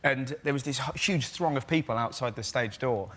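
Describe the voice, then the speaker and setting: A man on a comedy panel show, excitedly telling an anecdote and acting out the voices in it. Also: medium pitch, normal speed. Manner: excitable storytelling, acts out voices. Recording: noisy, loud studio audience.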